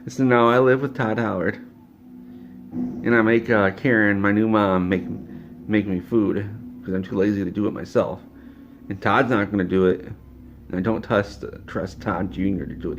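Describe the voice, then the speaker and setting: A man tells an absurd comedic story, rambling and repeating himself as he stammers. His voice is low and gravelly, and the recording is dull and lo-fi. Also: fairly even intonation, moderate pace, slight background noise.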